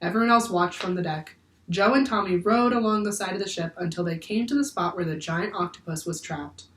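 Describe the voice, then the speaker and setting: A woman teacher reading a children's book aloud in clear, steady storytelling. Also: fairly low pitch, brisk, slight background noise. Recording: echoey room, far from the mic.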